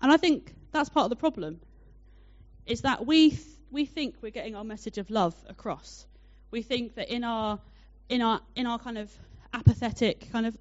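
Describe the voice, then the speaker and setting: A young woman preaching a sermon, telling a personal story in a chatty, animated way with many fillers. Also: fairly high pitch, moderate pace. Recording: dull lo-fi sound.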